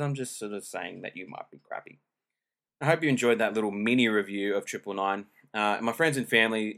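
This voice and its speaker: A man's voice: lowish voice, fairly bright tone. Chatty man rambling about movies. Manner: rambling, chatty, self-deprecating, with many fillers and restarts. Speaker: podcast host. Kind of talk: casual solo movie review chat. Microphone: home recording.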